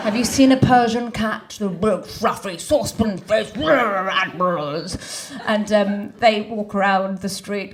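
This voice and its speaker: A woman comedian telling stand-up stories, lively and quick to act out the quotes. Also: mid-range voice. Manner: lively storytelling, acts out quotes.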